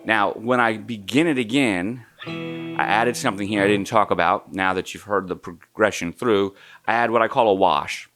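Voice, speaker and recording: A man with a lowish voice speaks at a normal speed, teaching a guitar lesson in a relaxed way and counting the strum pattern out loud. Guitar playing runs beneath his voice.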